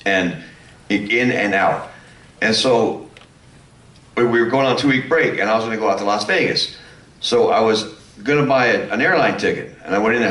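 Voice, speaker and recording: A former circus clown on a convention panel telling a long anecdote, rambling with restarts and self-mocking laughs. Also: male voice, mid-range voice, brisk, a bit bright. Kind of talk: telling a funny anecdote to an audience. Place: convention hall. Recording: echoey hall, mic some distance off.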